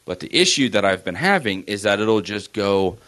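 Brief: young male podcast co-host, low voice, animated storyteller who swears freely. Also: normal speed. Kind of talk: casual chat.

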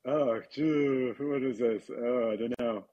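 A man in his forties chatting casually on a podcast, rambling and self-deprecating with halting restarts. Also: mid-range voice, dull audio, crowd noise. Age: 40s. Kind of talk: casual chat.

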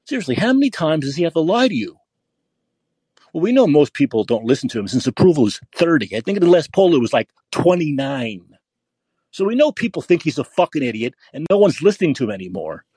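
A man's voice: fairly high pitch, big pitch swings, fast, mellow, slightly rough, no room sound. A man hosting a podcast and delivering an angry political rant, full of cursing and repetition. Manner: angry, profane, repetitive ranting. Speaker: podcast host.

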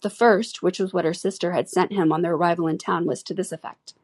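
A woman reading a classic novel aloud with a dark, husky voice. Her reading is even and unhurried, and the recording is close and dry. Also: on the low side, no echo. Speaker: audiobook narrator.

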